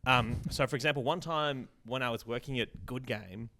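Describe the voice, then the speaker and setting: A man's voice: medium pitch, normal speed, sharp tone. A man, a guest comedian, riffing in casual podcast banter, laughing often and swearing freely.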